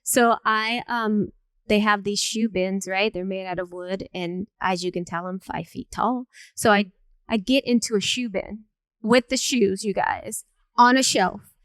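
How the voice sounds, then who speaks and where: A woman moderating a panel who tells stories in a chatty, lively way with many fillers. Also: mid-range voice, measured pace, dry recording. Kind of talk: panel storytelling.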